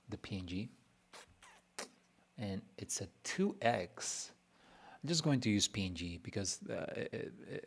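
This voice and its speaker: A man's voice: low voice, gravelly. A man streaming a casual design walkthrough who chats and mutters to himself, teasing himself along the way. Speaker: web designer streaming his work.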